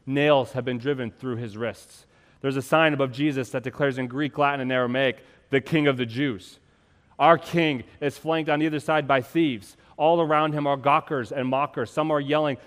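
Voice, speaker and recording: A man preaching a sermon as pastor, building to loud, impassioned peaks and dropping to soft, slow passages. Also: medium pitch, in a large hall. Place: church.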